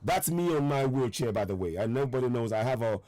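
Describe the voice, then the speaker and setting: A man's voice: mid-range voice, animated, fast, dark tone, no room sound. A man hosting a live online broadcast, talking emphatically and repeating rhetorical questions to his viewers. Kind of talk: live online commentary with callers.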